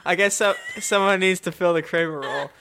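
A man co-hosting a podcast, reading listener reviews aloud with deadpan and mock-dramatic swings. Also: high voice, fairly quick, background noise.

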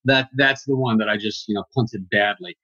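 A middle-aged actor and narrator chatting in a thoughtful, easygoing, self-deprecating way. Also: male voice, fairly low pitch, steady tone, normal speed, bright, forceful tone, no room sound, dull audio. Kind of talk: casual chat.

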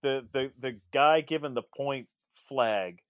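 A man with a mid-range voice chats casually about a movie on a podcast, relaxed and a bit hesitant, with frequent fillers. His voice is recorded close and dry. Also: medium pitch, measured pace, clear, resonant tone, dry recording. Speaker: podcast co-host.

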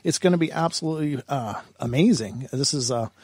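A man's voice: medium pitch, fairly quick, darkish tone, husky, no echo, studio quality. A man hosting a podcast in an upbeat, announcer-like way, with a few filler words. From United States. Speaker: podcast host. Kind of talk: enthusiastic show host.

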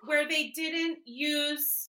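A woman's voice: high-pitched, drawn-out words, over a noisy crowd. A woman guest on a podcast, chatting casually in an emphatic way and laughing easily. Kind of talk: casual chat.

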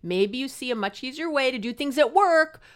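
A woman's voice: high voice, expressive, normal speed, clear, resonant tone. A middle-aged woman counselor hosting an advice podcast, talking in a chatty, earnest and passionate way and laughing at herself. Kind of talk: casual advice podcast monologue.

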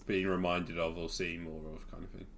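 A low-voiced man co-hosts a relaxed podcast. He leads the conversation with questions. His manner stays easygoing and conversational. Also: fairly quick, gravelly, slight background noise. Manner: leading the talk with questions, easygoing. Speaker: podcast co-host. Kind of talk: casual chat.

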